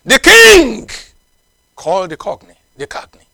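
A man's voice: extremely high pitch, huge pitch swings, unhurried, vocal fry, bright, forceful tone, dry recording. A man preaching a sermon in a non-native English, emphatic and repetitive, with frequent exclamations of praise. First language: not English.

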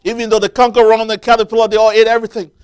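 A man's voice: high voice, level tone, rapid-fire, darkish tone, smooth. A man preaching a sermon, quoting scripture and building to emphatic, rising peaks as the congregation answers.

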